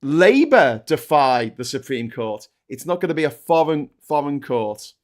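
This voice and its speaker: A man's voice: fairly high pitch, very animated, unhurried. A man co-hosting a live political podcast, ranting passionately and swearing freely. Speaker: co-host.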